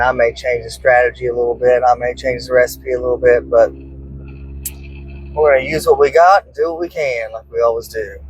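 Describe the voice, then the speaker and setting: An easygoing man hosts his cooking vlog from inside a car, chatting in a relaxed, joking way. His voice sits at an ordinary mid pitch. Faint road noise hums behind him. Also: poor audio. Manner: easygoing, joking, self-deprecating. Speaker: host of a barbecue cooking channel. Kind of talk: casual vlog chat.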